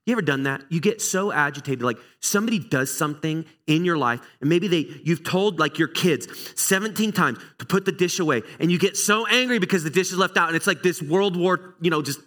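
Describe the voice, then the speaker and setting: Speaking a little high and fairly quickly, with hardly any pauses, this middle-aged man preaches as a pastor in a conversational style. He tells personal stories with candor, animation, and a self-deprecating streak.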